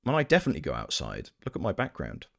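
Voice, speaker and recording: A man's voice: extremely low pitch, wildly swooping pitch, rapid-fire, creaky. A man chatting casually on a game stream, reading his chat aloud with playful, joking asides. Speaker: gaming streamer and voice actor.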